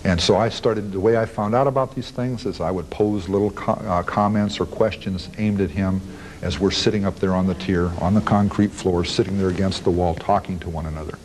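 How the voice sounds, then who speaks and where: A man's voice: sits low, fairly even intonation, fairly quick, a little mellow, a little hiss or hum, low-quality recording. A man recounting events in an archival interview, plain-spoken and blunt, rambling through his recollections.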